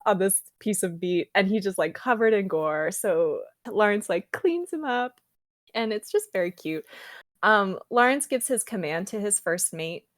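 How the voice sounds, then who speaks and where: A woman co-hosting a casual book podcast, retelling a story with animated asides and reading a passage aloud. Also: mid-range voice, no room sound, studio quality. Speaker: podcast co-host.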